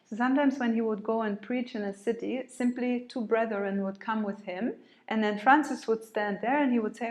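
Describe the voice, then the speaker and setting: A woman's voice: a little high, moderate pace, darkish tone. A woman, a yoga teacher, telling a story in a loose conversational way with many fillers and restarts. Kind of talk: informal storytelling talk. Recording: echoey room.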